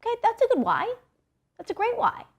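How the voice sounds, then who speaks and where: A woman's voice: very high-pitched, wildly swooping pitch, fairly quick, gravelly. A young woman giving a blunt, profane motivational talk, often ending points with "right?". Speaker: motivational speaker.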